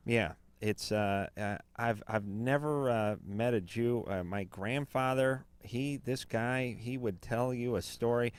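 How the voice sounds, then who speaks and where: A man hosting a late-night call-in radio show, talking in a rambling, halting way full of fillers and restarts. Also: mid-range voice, clear, resonant tone.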